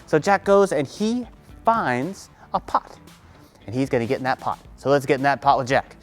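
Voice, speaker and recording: A woman leading a children's yoga lesson through a story, animated and playful, gasping with excitement. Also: very deep voice, moderate pace, soft background music. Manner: animated, playful, lots of gasps. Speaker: kids' yoga teacher.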